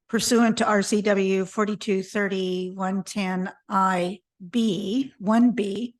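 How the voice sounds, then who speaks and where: A hoarse woman who is losing her voice chairs a city council meeting from the chamber. She reads out the procedural wording at a slow, deliberate pace, in a voice of middle pitch. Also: steady tone, recorded from a distance. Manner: deliberate, reads out legal citations.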